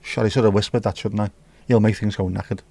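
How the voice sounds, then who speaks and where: A man's voice: fairly low pitch, fairly even intonation, fast, vocal fry, dark tone, no room sound. A man hosting a casual livestream, rambling and joking as he reads comments. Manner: jokey, rambling, sings snatches of songs. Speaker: livestream host. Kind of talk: casual chat reading viewer comments.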